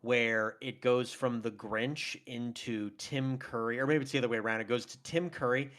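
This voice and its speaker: A man's voice: mid-range voice, steady tone, normal speed, a bit bright. A man co-hosting a film podcast, chatting enthusiastically with frequent laughs and fillers. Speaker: podcast co-host. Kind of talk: casual film debate chat.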